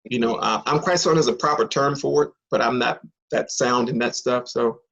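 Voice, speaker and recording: A man's voice: medium pitch, brisk, creaky, fairly bright tone, dull audio. A man speaking as a guest in a casual conversation, hesitating and searching for words.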